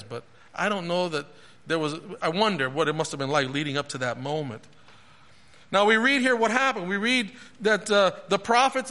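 A man preaching a sermon, asking questions aloud and retelling a story with animated, halting restarts. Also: high-pitched.

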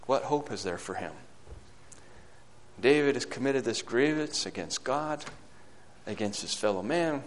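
A man preaching a sermon in a mid-range voice. He swings between loud, fervent climbs and quiet, hushed stretches. When he reads scripture aloud, he gives the old wording a measured cadence. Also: medium pitch, slight background noise.

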